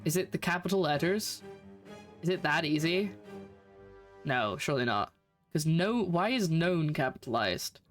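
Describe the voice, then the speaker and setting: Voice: mid-range voice, expressive, unhurried, pauses often, faint music behind. A streamer with a Scottish accent, chatting casually and thinking aloud while solving a puzzle in a game. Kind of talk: casual let's-play commentary.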